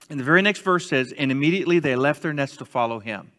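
Guy preaching a sermon, slightly high voice, chatty storyteller, long reverb like a big church hall. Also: fast. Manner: conversational, animated storytelling with acted-out quotes. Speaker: pastor.

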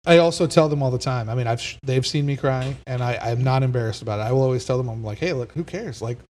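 A man's voice: mid-range voice, fairly even intonation, fast, a little mellow. A man hosting a casual podcast chat, earnest and rambling, who works as a teacher.

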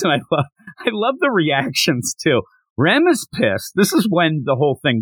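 A man co-hosting a podcast in casual discussion, slipping into quick put-on voices for the characters. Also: on the high side, huge pitch swings, fairly bright tone, slightly rough, no echo. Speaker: podcast co-host.

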